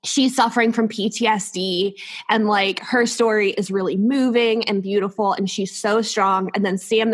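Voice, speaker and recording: A woman guest on a book podcast, talking casually and enthusiastically with frequent laughs. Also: medium pitch. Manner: enthusiastic, laughs often, many fillers. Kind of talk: casual chat.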